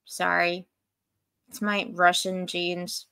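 A woman from Australia, a podcast guest in casual chat, blunt and quick to laugh. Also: on the low side, level tone, creaky, pushed and bright, clear, resonant tone.

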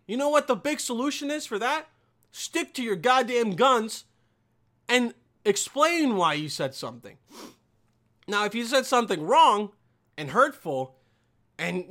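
A young man ranting profanely to camera as a vlogger, with loud bursts and mocking quoted voices. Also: very high-pitched. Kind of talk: profane comedic rant.

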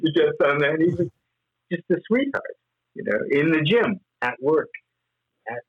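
A man's voice: fairly high pitch, very animated, moderate pace, slightly rough, phone-quality sound. A man as interview guest, telling rambling stories with frequent laughs and fillers. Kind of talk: anecdotal interview storytelling.

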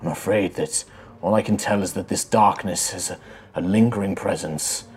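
A man voicing a gentle spirit that possesses a character, speaking faintly and solemnly. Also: deep voice, fairly even intonation, normal speed, voice pushed down, close to an everyday voice. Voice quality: faint, subdued.

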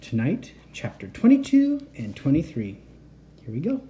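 A man reading a children's bedtime story aloud in a gentle, expressive storytelling manner. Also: fairly high pitch, normal speed.

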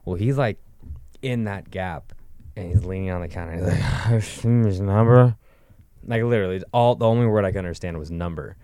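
A man's voice: sits low, fast, mellow, no room sound. A young man telling a rambling, profane story in casual chat. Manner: profane, rambling, with frequent likes.

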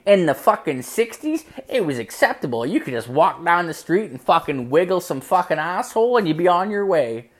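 A woman's voice: lowish voice, big pitch swings, normal speed, hardly any pauses, pitched above the performer's own voice. A man voicing his blunt, matter-of-fact middle-aged mother, who swears freely and talks brusquely.

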